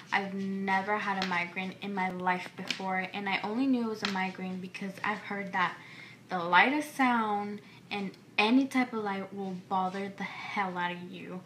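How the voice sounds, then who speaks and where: A young woman vlogging to her own camera, telling a personal story in loose, chatty speech full of "like" and restarts. Her voice is bright and forward. The room is echoey, with a faint hum behind her. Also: medium pitch, moderate pace. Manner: chatty, lots of "like" and restarts, animated quoting of herself. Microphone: camera or phone mic.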